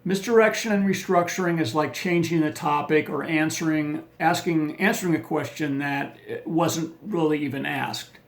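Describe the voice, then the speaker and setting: A man presenting marriage advice in a scripted talk, giving definitions in a measured, list-like way. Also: a little high.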